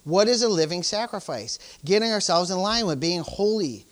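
A pastor preaches informally with an expressive, medium-pitched voice at moderate speed. The congregation is urged on emphatically, and "hallelujah" and "praise the Lord" punctuate the sermon.

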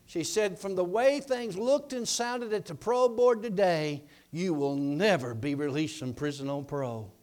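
A man preaching a testimony sermon, telling his story dramatically and shouting his declarations. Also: high-pitched, moderate pace, hardly any pauses.

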